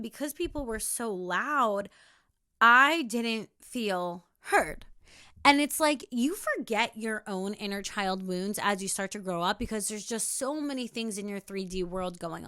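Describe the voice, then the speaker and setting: A young woman talks through a casual solo podcast in a bright, fairly high voice. She is emphatic and animated, swears freely, and acts out what others said. The sound is dry and close, with no room around it. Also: no echo. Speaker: podcast host.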